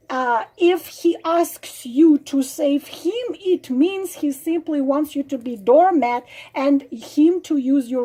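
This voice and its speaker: A woman with a high, mellow voice gives relationship advice straight to her viewers. She speaks slowly and earnestly, often pausing, restarting and filling gaps with hesitations. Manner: earnest, halting, many fillers and restarts. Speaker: relationship advice video host. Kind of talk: casual advice monologue to camera.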